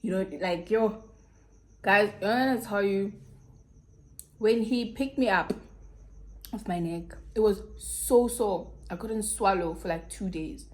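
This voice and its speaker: Young woman, South African accent, candid storytime, slangy, confiding, mid-pitched. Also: slow pace, long pauses. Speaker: YouTuber.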